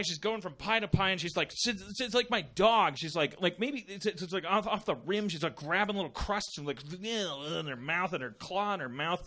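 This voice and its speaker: A man's voice: high-pitched, moderate pace, few pauses, sharp tone. A man in his forties hosting a podcast, delivering a profane, exasperated comedic rant and breaking into mocking voices. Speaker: podcast host.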